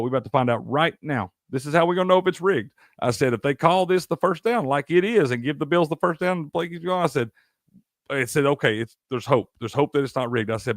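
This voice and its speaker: A man's voice: mid-range voice, no room sound, clean studio sound. A man from Tennessee, hosting a live sports stream, ranting heatedly and profanely while answering chat. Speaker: sports show host.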